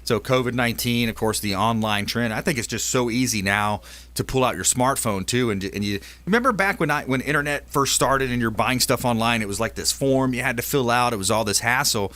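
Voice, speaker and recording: A man's voice: medium pitch, fairly quick, pushed and bright. A man hosting a casual radio talk show, upbeat and salesy, trading tips with his guests. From Tampa Bay area, Florida.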